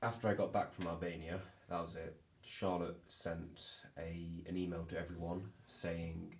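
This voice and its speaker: Rambling young man, deep gravelly voice. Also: flat delivery, unhurried. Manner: rambling, filler-heavy storytelling. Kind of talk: casual vlog chat. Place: indoor room. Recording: echoey room.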